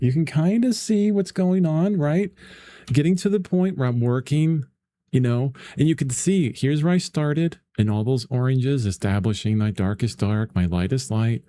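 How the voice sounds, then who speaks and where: A laid-back painting instructor talks viewers through a casual livestream lesson in a low, mellow voice. He's chatty and rambling, laughs often, and uses lots of fillers, with slight background noise.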